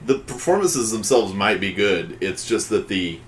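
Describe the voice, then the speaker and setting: A man on a movie podcast, talking in halting bursts and restarting his thoughts. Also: on the low side, lively intonation, slight background noise. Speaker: podcast co-host. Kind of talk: casual movie discussion.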